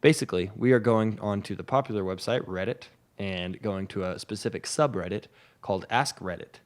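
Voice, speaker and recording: Young male co-host, lowish voice, casual banter with deadpan jokes. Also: brisk. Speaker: podcast co-host.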